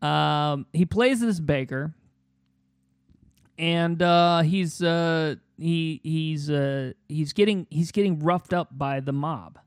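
Halting man riffing, dry close sound. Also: fairly high pitch, smooth, no room sound. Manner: halting, many fillers and restarts, chuckling. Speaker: improv pitch guest. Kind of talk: casual improvised chat.

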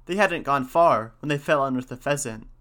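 A man's voice: medium pitch, normal speed, bright, forceful tone. A man narrating an old folk tale in a folksy, old-fashioned storybook manner.

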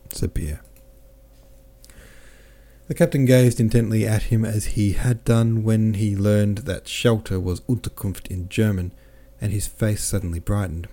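A man narrating a classic novel as an audiobook podcast host, in a measured, steady way. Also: lowish voice, creaky.

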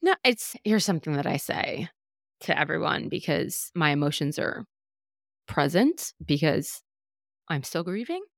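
A woman's voice: low-pitched, sing-song, measured pace, vocal fry, no echo, clean studio sound. A woman hosting a podcast, telling a personal story candidly, with many fillers and restarts. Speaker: podcast host. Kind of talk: casual chat.

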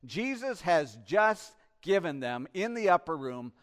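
A male pastor delivering an impassioned sermon, swinging between loud emphasis and hushed asides and posing rhetorical questions to the congregation. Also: a little high, very animated, a little slow.

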